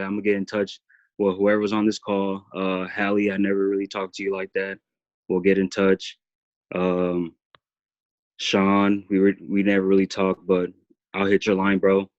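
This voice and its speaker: A man with a fairly low voice speaks with heartfelt earnestness on a group video call, circling back over his words. The audio is dull and muffled in a dry, close room. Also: little pitch movement, measured pace, dry recording. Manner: heartfelt, earnest, repeats himself. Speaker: team member sharing his story. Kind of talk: emotional testimony on a group call.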